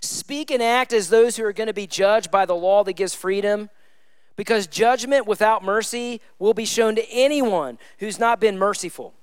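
A man's voice: sits high, normal speed, clean tone, no echo. A man preaching a sermon as pastor, conversational and emphatic, repeating key phrases.

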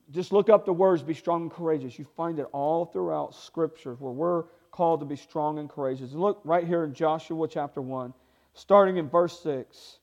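A man's voice: a little high, a little mellow, lo-fi sound. A male pastor preaching a sermon, emphatic and repetitive, calling for responses from the congregation.

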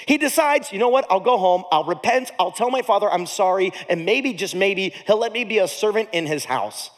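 A male pastor preaching a storytelling sermon, animated and comic, with big swings in volume. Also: extremely high pitch, in a large hall.

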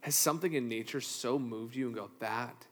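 A man preaching a sermon as a pastor, animated and playful, swinging from loud to hushed with self-deprecating asides. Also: mid-range voice, moderate pace. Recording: reverberant hall.

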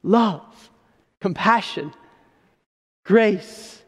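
A man with a very high voice preaches a sermon, earnest and emphatic, often restarting his phrases. His words ring out with a long reverb, as in a large hall. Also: extremely slow, husky. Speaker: pastor.

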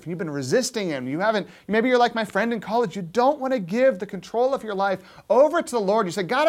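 A pastor giving a conversational sermon, often checking in with his listeners and dropping quiet and slow on key points. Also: high-pitched. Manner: keeps asking "right?" to the listeners; drops soft and slow on key points, rises sharply when stirred.

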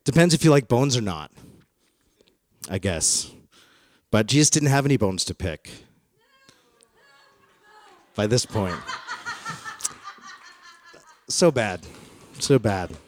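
A man's voice: medium pitch, very animated, measured pace, pauses often, slight background noise. A man preaching a sermon in a playful, joking storytelling way, acting out the quotes he reads. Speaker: pastor.

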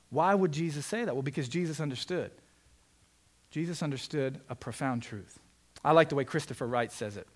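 A man delivering a sermon from the stage, his voice sitting a little higher than most men's. He talks conversationally and animatedly, slipping into little acted-out quotes and asides as he preaches. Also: fairly quick. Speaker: pastor.

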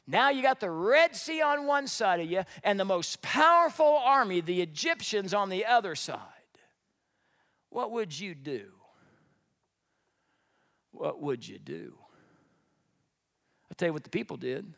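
Animated male preacher in a reverberant hall. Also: high voice, moderate pace. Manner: animated storytelling, swings between loud and hushed. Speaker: pastor. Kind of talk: sermon.

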